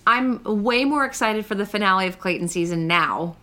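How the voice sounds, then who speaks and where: Bright-voiced chatty woman podcast co-host. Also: medium pitch, lively intonation, moderate pace. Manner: chatty, opinionated, teasing. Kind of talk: casual gossip chat.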